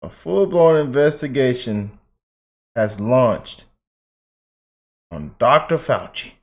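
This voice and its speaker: A man's voice: mid-range voice, sing-song, slow. Guy ranting on his channel, hyped, keeps repeating stuff, mid voice. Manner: hyped, repeats himself, quotes imagined critics. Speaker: commentary channel host. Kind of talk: casual commentary.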